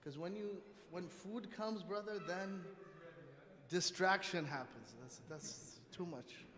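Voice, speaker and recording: A man's voice: high voice, slow pace. Man preaching animatedly in an echoey hall. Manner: animated storytelling, acts out family dialogue. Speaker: imam giving a Friday talk. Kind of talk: sermon with personal stories. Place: mosque prayer hall.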